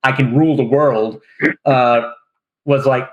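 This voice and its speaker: A man's voice: mid-range voice, steady tone, unhurried, low-quality recording. A young man chatting casually on a podcast, blunt and joking. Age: young adult. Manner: blunt, joking, swears freely. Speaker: podcast guest. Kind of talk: casual chat.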